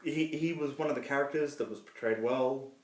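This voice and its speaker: A man co-hosting a casual movie review podcast, chatty and quick to laugh. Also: mid-range voice. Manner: chatty, many restarts and laughs. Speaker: podcast co-host. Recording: echoey room.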